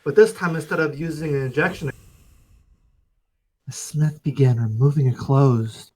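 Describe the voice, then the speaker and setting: A man's voice: fairly high pitch, moderate pace, dark tone, rough recording. A man streaming, reading a visual novel aloud with casual joking asides to chat. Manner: casual, joking asides between narrated lines.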